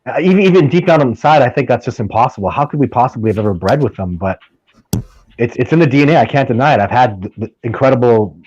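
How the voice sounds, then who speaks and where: Man, interview guest, animated and emphatic, frequent restarts, dull lo-fi recording. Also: medium pitch, quick pace, slightly rough, no room sound. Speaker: podcast guest, field researcher. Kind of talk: casual interview chat. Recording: dull lo-fi dry sound.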